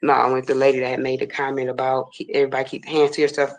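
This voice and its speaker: A woman's voice: extremely low pitch, little pitch movement, racing, rough recording. Emphatic woman repeating her point. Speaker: interview guest. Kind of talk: interview conversation.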